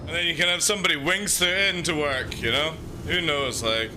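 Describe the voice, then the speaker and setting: A man streaming gameplay, talking in a fairly high voice and swearing freely as he gets worked up. Game sounds play clearly behind his voice. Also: a little fast, noisy background. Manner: swears freely, excitable, laughs and riffs aloud. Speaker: gaming streamer. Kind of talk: casual live-stream chat over gameplay.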